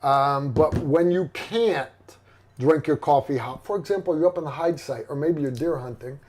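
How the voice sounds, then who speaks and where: A man's voice: on the high side, normal speed, a little mellow. A middle-aged man hosting a livestream in casual chat, rambling and blunt with lots of fillers and restarts. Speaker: livestream host.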